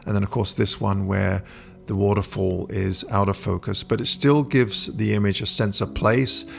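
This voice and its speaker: A man with a low, gravelly voice talks through a photography lesson. He explains calmly and stops often for a thoughtful "uh", with soft music playing underneath. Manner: relaxed, explanatory, with frequent "uh" pauses. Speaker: photography instructor. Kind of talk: voice-over tutorial.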